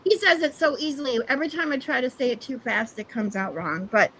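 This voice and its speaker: A woman hosting a relaxed stream chat, her voice sitting a little high for a woman. She giggles often and swears casually as she talks. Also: brisk, a little hiss or hum, rough recording. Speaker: stream host.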